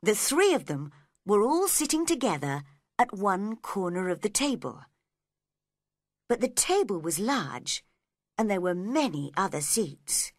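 Slow lively woman reading aloud. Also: medium pitch, no echo, clean studio sound. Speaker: reader. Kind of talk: storybook read-along narration.

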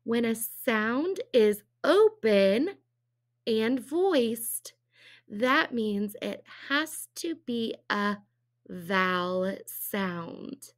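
Teacher lady doing phonics for little kids, kinda high voice, slow and cheery. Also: expressive. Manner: slow, exaggerated sounds for young children; cheerful, encouraging questions. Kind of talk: early-reading phonics lesson.

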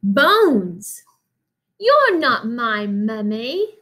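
A woman's voice: very animated, very slow, fairly bright tone, full character voice. A woman putting on a British-accented baby mummy. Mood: insisting. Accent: British, put on. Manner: high, pleading childlike voice. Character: little baby boy mummy, scared and pleading.

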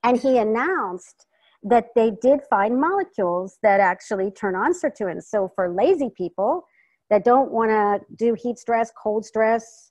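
A woman coaching an online community on a video call, speaking in an animated, enthusiastic way. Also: a little high, a little slow, dry recording. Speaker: wellness coach. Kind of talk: online community health talk.

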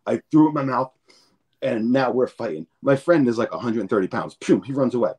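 This man's mid-range voice is husky and a little mellow, moving a bit fast. As a podcast guest, he tells rambling, profane stories in casual conversation, acting out every scene and repeating words along the way.

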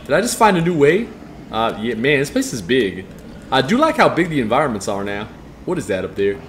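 A man's voice: mid-range voice, huge pitch swings, brisk, slight background noise. A man with a strained voice giving joking, profane live commentary as he plays a game and reads chat aloud. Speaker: game streamer.

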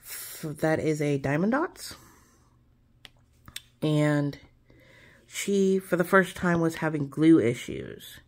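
Slow, low-voiced woman chatting. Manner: relaxed and rambling, many fillers. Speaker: craft vlogger. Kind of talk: casual chat while crafting.

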